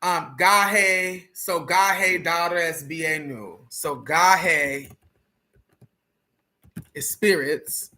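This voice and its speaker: A spiritual teacher on a livestream, chanting syllables slowly and deliberately and laughing at themselves between chants. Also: medium pitch, sharp tone.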